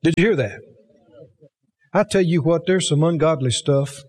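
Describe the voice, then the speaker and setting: A man's voice: on the high side, moderate pace, darkish tone, big-room sound. A man preaching a sermon, emphatic, asking the congregation rhetorical questions.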